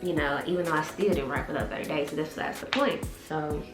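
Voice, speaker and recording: A woman in her twenties telling a personal story to her camera in a casual, animated vlog style. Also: low-pitched, fairly quick. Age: 20s. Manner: animated, quotes others in voices, chatty. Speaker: vlogger and author. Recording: echoey room with background music.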